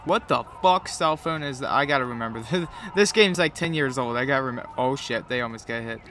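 A man's voice: mid-range voice, fairly quick, fairly bright tone, slight background noise. A man with a cold giving profane, joking play-by-play commentary while playing a game. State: has a cold. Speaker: gamer commentator.

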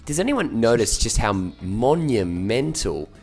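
A man's voice: mid-range voice, very animated, measured pace, darkish tone, husky. A man hosting a let's play, chatting hesitantly and laughing as he corrects himself. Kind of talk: casual game commentary. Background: faint game music.

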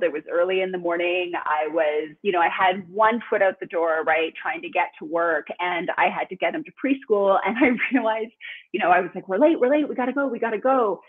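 A woman guest, an author and speaker, telling a lively story in conversation over a remote call. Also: lowish voice. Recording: tinny phone-line sound.

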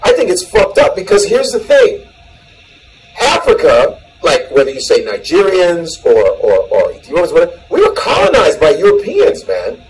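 A man, a comedian born in the United States, ranting in an animated, profane way with shouted peaks. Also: fairly high pitch, moderate pace, slight background noise, poor audio. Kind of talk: comedic rant in a played clip.

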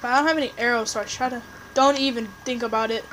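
High-pitched excitable woman gaming. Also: quick pace, a little hiss or hum, rough recording. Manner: rambling, excitable, trash-talking teammates; restarts and fillers, chatty. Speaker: gameplay commentator. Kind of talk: casual live game commentary.

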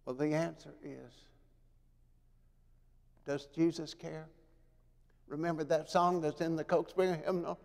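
Man, preacher, sermon, high voice, unhurried, dramatic swings from loud to hushed, long church reverb. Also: steady tone, vocal fry. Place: church sanctuary.

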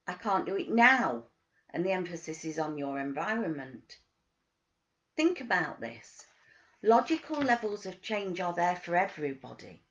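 A woman giving a motivational wellness talk as a coach, asking gentle questions and stressing key words. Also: mid-range voice, lo-fi sound.

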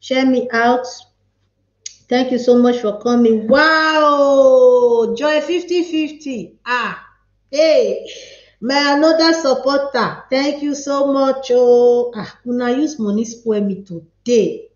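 A playful Nigerian woman hosts a live stream, chatting loosely and reading comments aloud. Her voice sits high and she talks at an unhurried pace. The sound is echoey and a little dull. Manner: playful, chatty, mixes pidgin with English. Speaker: livestream host.

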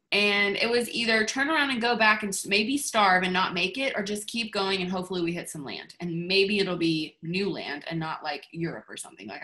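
A woman's voice: mid-range voice, pushed and bright. A woman giving a motivational talk to her team over a video call, in a chatty, gushing way. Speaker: team leader.

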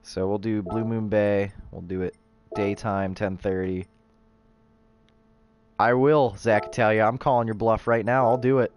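A man streaming a racing game, chatting casually with viewers and bursting into excited race calls. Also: lowish voice, measured pace. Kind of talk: casual livestream chat with race commentary. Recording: game sound in the background.

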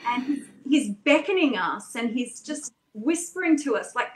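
A woman with a somewhat high voice speaks earnestly in a casual chat. Her words flow on with fillers and small repeats. The sound is echoey, as if recorded in a bare room. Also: expressive, normal speed. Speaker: guest.

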